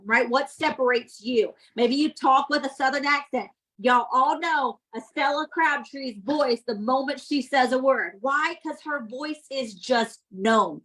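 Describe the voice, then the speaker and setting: Upbeat woman giving sales tips to her team, a bit high-pitched, keeps asking does that make sense. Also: low-quality recording. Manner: energetic, repeats points, asks "does that make sense?". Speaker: sales team leader and coach.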